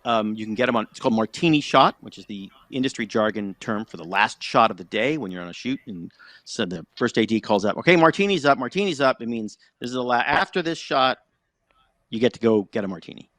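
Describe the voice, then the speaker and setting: A middle-aged American man, a TV writer and producer, telling anecdotes as a podcast guest in a chatty, animated way. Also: medium pitch, dry recording. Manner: chatty, animated, acts out quoted voices. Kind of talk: anecdotal storytelling in an interview.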